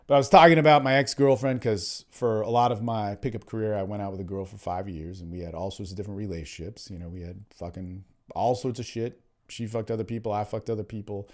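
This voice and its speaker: A man hosting a solo podcast, talking candidly and profanely, swinging between emphatic bursts and low muttering, and often calling the listener "man.". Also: quick pace, darkish tone. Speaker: podcast host and dating coach.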